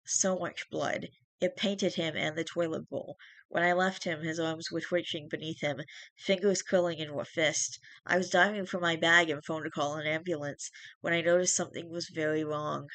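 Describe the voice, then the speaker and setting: Reading aloud at a moderate pace, a streamer steadily narrates a first-person horror tale, now and then restarting briefly. The voice is mid-range and has no echo.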